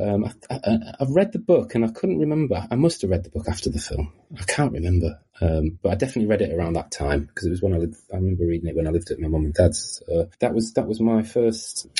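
A man's voice: fairly low pitch, warm tone, breathy edge. A man with a Yorkshire accent, a guest on a movie podcast, recalling things in a rambling, self-correcting way. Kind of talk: casual podcast chat.

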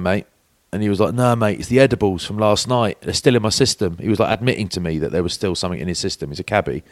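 A man's voice: sits low, fast talker, few pauses, no echo, studio quality. A man in his forties, co-hosting a podcast in casual chat, telling anecdotes and acting out quoted voices. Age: 40s. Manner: chatty storyteller, acts out quoted voices. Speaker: podcast co-host.

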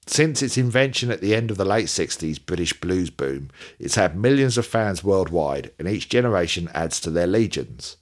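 A man putting on a sardonic Manchester punk poet. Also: low voice. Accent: put-on Manchester. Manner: dry, sneering storytelling. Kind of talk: reading a memoir aloud in an impression.

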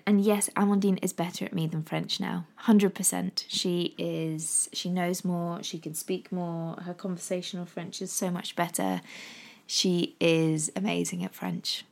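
An English woman in her thirties talks to camera in a casual, rambling vlog, filling pauses with ums. Her voice sits a little low and carries a gravelly fry. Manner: rambling and chatty with frequent ums. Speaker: vlogger. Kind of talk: casual chat.

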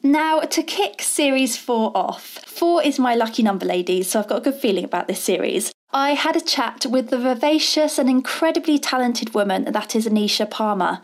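Chatty woman host with a lisp. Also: on the high side. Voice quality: slight lisp. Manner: chatty, rambling, enthusiastic. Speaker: podcast host. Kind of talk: casual interview chat. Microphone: video call.

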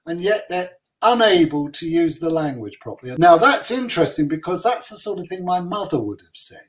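A man's voice: high-pitched, expressive, fairly quick. An older man, chatting as a guest and grumbling with strong opinions. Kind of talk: casual chat.

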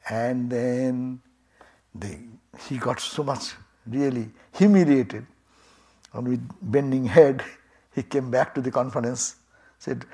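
A man's voice: mid-range voice, unhurried. A man, a swami and minister, giving a storytelling sermon in a temple, acting out the characters' lines and chuckling as he goes. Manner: chuckling, animated retelling with quoted dialogue.

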